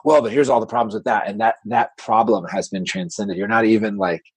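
A man's voice: fairly low pitch, steady tone, brisk, husky, no echo. A man in his forties talking as a podcast guest over a remote call, rambling with lots of "like" fillers. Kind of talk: casual conversation. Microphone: remote call recording.

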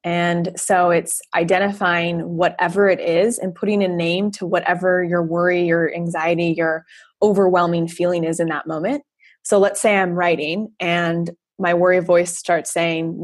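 A woman guest on a podcast talks in a low, slightly husky voice. She explains reflectively, step by step, and often voices her own inner dialogue. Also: steady tone, normal speed, no room sound. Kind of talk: conversational interview.

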